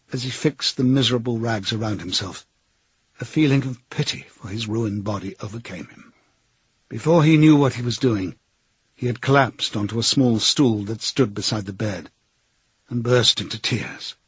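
Husky-voiced man reading an audiobook. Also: medium pitch, normal speed, no echo, highs cut off. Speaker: audiobook narrator.

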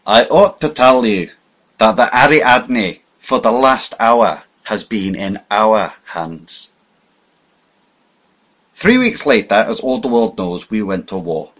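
A man reading a first-person story aloud in a measured, dramatic way. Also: on the low side, lively intonation, a bit bright. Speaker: audiobook narrator. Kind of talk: scripted narration. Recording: dull lo-fi audio.

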